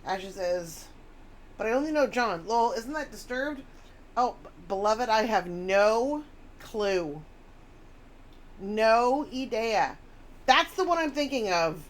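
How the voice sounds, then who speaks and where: A woman's voice: on the high side, lively intonation, slow pace. A woman chatting casually on a live stream, rambling and reading chat messages aloud.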